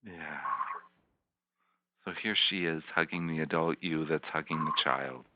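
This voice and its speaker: A man, a healing practitioner, leading a volunteer through slow guided imagery with soft, repetitive, soothing coaching. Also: rumbling low, fairly even intonation, heavy background noise. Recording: dull lo-fi teleconference line.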